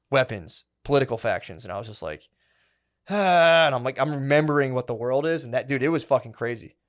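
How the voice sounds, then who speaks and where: Male podcast co-host, 30s, loose rambling storyteller, laid-back slang-heavy chat. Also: medium pitch. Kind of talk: casual chat.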